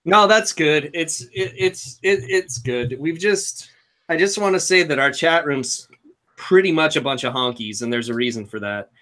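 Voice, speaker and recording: A man's voice: on the high side, moderate pace, pushed and bright. A man co-hosting a wrestling podcast, joking around in crude, profane banter. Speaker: podcast co-host. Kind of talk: casual banter.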